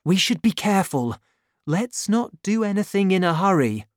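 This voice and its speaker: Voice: medium pitch, very animated, moderate pace, no room sound, studio quality, pitched above the performer's own voice, close to an everyday voice. A reader voicing a brave young male swordsman in a storybook, with a raised, eager, heroic delivery. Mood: commanding. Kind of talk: storybook reading.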